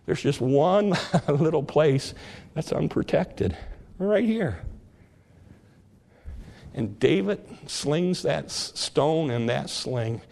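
An older man preaching a sermon, retelling a story in a lively, joking way. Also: a little high, slow, creaky, long pauses. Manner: lively, jokey storytelling with laughs.

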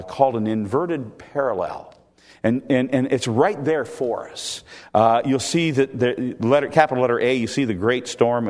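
Male pastor, sermon, very animated intonation, long hall reverb. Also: fairly low pitch. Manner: expressive preaching, rising to loud emphatic peaks. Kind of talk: expository sermon.

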